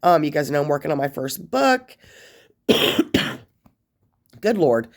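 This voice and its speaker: Speaking at a measured pace in a deep, darkish voice with big swings in pitch, a woman vlogger talks about life after prison. Her casual advice to camera rambles, filled with fillers and restarts, and she is occasionally near tears.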